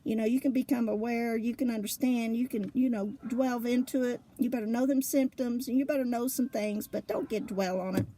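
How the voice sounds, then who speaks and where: A woman telling a funny personal story in a lively, colloquial way, laughing often between lines. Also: fairly high pitch, brisk, few pauses, a little hiss or hum. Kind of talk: casual spoken storytelling.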